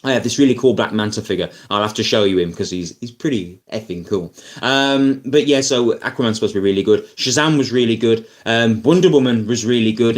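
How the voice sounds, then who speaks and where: A man ranting casually about films as a YouTuber, rambling and animated, full of fillers and asides. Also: medium pitch, a little fast, hardly any pauses. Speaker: YouTuber film reviewer. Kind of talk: casual opinion rant.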